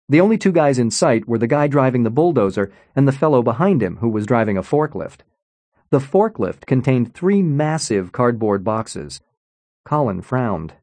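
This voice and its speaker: A man narrating an audiobook in an expressive storytelling manner, on a close studio mic. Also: mid-range voice, dry recording. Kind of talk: scripted narration.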